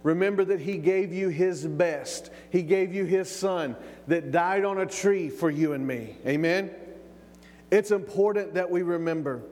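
A preacher with a fairly high, slightly mellow voice delivers an emphatic sermon, stretching out key words. His voice rolls through the long reverb of a large hall, with drawn-out pauses and calls of amen.

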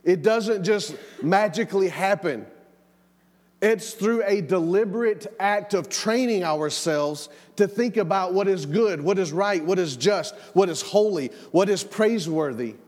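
A man's voice: high-pitched, lively intonation, measured pace, a little mellow. A middle-aged man preaching a sermon in a church, in a conversational way that repeats words and tells family stories. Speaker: pastor. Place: church sanctuary. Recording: long church hall reverb.

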